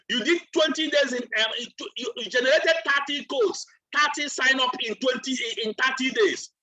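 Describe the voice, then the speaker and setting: Guy preaching at a training, high bright voice, hammers every point. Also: poor audio. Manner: emphatic and repetitive, asks for water mid-talk. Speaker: trainer and speaker. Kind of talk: motivational training talk delivered like a sermon.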